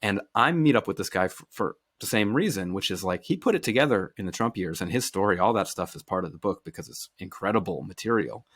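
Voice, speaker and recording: A man with a fairly low voice tells stories as a podcast guest, lively and loose, swearing freely and tripping over his own restarts. The recording is dry and close, with no room sound around him. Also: quick pace, hardly any pauses, no echo. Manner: animated, lively storyteller who swears and restarts phrases. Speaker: author and journalist guest. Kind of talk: casual conversational storytelling.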